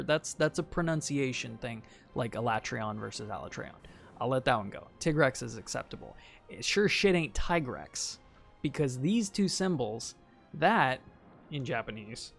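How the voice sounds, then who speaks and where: A man streaming a video game, casually ranting and insisting on his point, sometimes trailing off quietly. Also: on the high side, gravelly.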